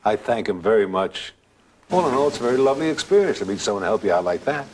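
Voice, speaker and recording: An older man, casually telling a personal story in a relaxed way and acting out what others said. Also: lowish voice, fast, a little hiss or hum. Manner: relaxed storytelling, acts out voices. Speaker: guest storyteller.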